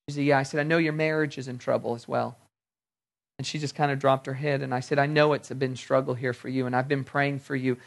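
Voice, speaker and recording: A man's voice: mid-range voice, little pitch movement, fast talker, creaky. A man preaching a sermon, telling personal stories in a conversational way and acting out the dialogue. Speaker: pastor.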